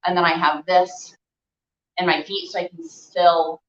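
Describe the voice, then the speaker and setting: Her voice sits lowish, fairly bright, a little slow and without much pitch variation as she teaches stretching. The young instructor chats and encourages, leans on fillers, and gets slightly winded holding poses; the sound is echoey and dull lo-fi.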